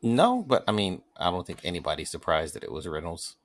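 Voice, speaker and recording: A man's voice: deep voice, sing-song, a little fast, a little hiss or hum. A man co-hosting a podcast in casual chat, teasing with brief dry replies. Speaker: podcast co-host.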